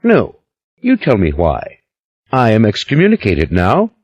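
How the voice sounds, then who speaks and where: A man's voice: on the low side, wildly swooping pitch, unhurried, darkish tone, slightly rough, no room sound, full character voice. A man reading an audiobook, voicing a blunt, defiant man who refuses to back down. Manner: terse, defiant. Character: blunt, defiant man, a former order member.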